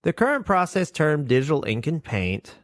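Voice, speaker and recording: A man's voice: fairly high pitch, big pitch swings, normal speed, no echo, studio quality. A man with a nasal voice co-hosting a casual podcast, reading definitions and cast lists aloud and swearing casually. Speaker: podcast co-host.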